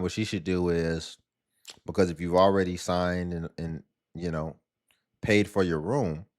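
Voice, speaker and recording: Man, lower voice, reaction commentator. Teasing, then serious advice. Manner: laughing, mocking, then advising.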